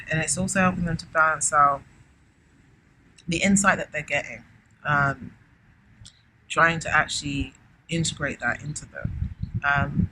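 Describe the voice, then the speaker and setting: An effusive woman talks through a casual spiritual reading, exclaiming often and filling her pauses with chatty asides. Heavy background noise and clicking sit under her voice. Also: deep voice. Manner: effusive, keeps exclaiming wow, chatty with many fillers. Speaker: tarot reader.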